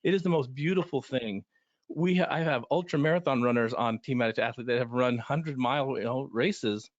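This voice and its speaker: A middle-aged man who coaches runners in recovery tells stories on a panel, earnest and rambling, often restarting his sentences. His voice is mid-range and a little fast. The recording is dry, with slightly dull lo-fi audio.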